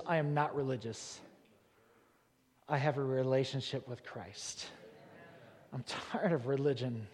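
A man, a pastor, preaching a sermon in a church, leaning hard on repeated words and rising to loud, forceful peaks. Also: mid-range voice, a little slow, pauses often. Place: church sanctuary. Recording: long reverb of a large church hall.

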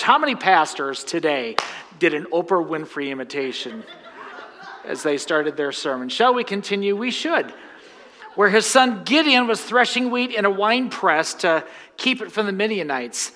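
A man's voice: a little high, expressive, measured pace, pauses often, bright, forceful tone. A man preaching a sermon in a church, reading scripture, praying and joking with the congregation. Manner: jokey, conversational asides to the congregation. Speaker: pastor. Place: church sanctuary. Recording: long church reverb.

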